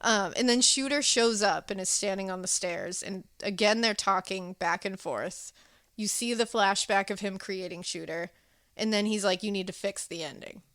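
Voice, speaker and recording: A woman podcast co-host recapping a horror film in casual chat, telling it in an animated, chatty way. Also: medium pitch, moderate pace, no echo, clean studio sound. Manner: animated, chatty retelling with laughs and acted-out quotes.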